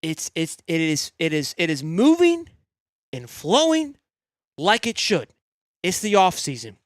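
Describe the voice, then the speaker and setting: A young man hosting a live fan sports show, excitable and rambling, swearing freely and swinging from loud hype to low grumbling. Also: measured pace, no room sound, clean studio sound. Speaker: sports podcast host.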